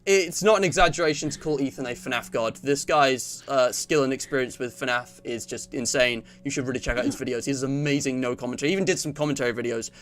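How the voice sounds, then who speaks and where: A man's voice: mid-range voice, fast, hardly any pauses, a bit bright. A young man hosting a casual live stream, chatting in a loose, rambling way with guests. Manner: chatty, rambling, laughs often. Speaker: stream host.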